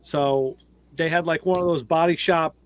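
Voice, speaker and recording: A man, co-hosting a casual show, telling lively stories and acting out other people's voices. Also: moderate pace, a little hiss or hum. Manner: animated, acts out others' voices in a high pitch. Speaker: podcast co-host. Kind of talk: casual storytelling chat.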